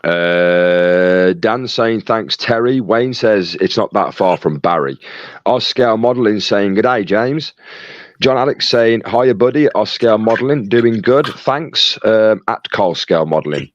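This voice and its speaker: A man's voice: fairly low pitch, expressive, measured pace, highs cut off. A man co-hosting a casual livestream, reading out chat messages in a jokey, chatty way. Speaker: co-host reading live chat.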